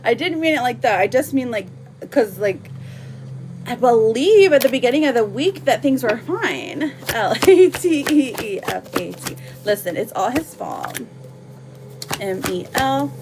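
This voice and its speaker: A woman reading tarot cards on a live stream, chatting casually and warmly with lots of fillers and slang. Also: on the high side, big pitch swings, a little slow, noisy background.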